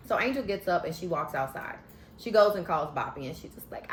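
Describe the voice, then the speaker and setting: A woman talks straight to her viewers in a sassy, animated recap vlog, with a slightly low voice. The room sounds roomy and echoey, with a faint hum behind her. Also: a little fast. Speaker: vlogger recapping a TV show. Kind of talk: casual recap commentary.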